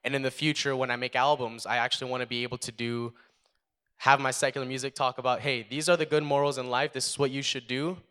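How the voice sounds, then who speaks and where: Young guy telling his faith story, earnest, lots of likes and ums, smooth clear voice. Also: mid-range voice, level tone, sharp tone. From United States. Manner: earnest, halting, many fillers. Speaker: testimony speaker. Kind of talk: personal testimony.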